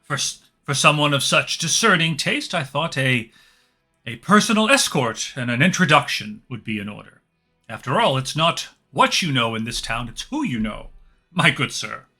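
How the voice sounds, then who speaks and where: A man voicing a jolly, nervous, heavy-set human hustler who talks in an oily, flattering, overly polite way. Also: medium pitch, normal speed, faint music behind, full character voice. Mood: smarmy.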